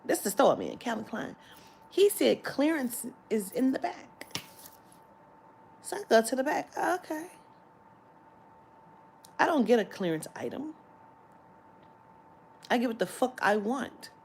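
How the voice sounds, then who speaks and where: A woman's voice: a little high, a little slow, creaky, long pauses, a little hiss or hum. Brief: woman vlogger, storytime, swearing freely, exasperated, phone-camera sound. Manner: animated, profane, exasperated storytelling. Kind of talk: storytime vlog. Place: shopping area.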